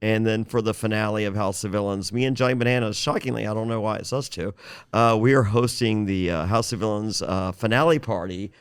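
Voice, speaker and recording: A man talking as a podcast guest in casual chat, halting with many filler words. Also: lowish voice, steady tone, clear, resonant tone, dry recording.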